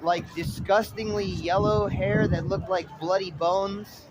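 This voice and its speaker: A man's voice: high voice, steady tone, unhurried. A man delivering a rambling, dramatic stream-of-consciousness monologue with poetic turns. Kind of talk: rambling spoken-word monologue. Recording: street noise with traffic.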